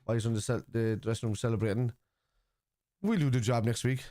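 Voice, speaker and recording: An Irish man talks loosely and bluntly on a live stream, tossing out strong opinions and swearing freely. His voice sits at an ordinary middle pitch. The sound is close and dry, with hardly any room around it. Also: brisk, dark tone, no echo. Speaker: livestream host reacting to a football match. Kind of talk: casual live watchalong chat, reading out viewer messages.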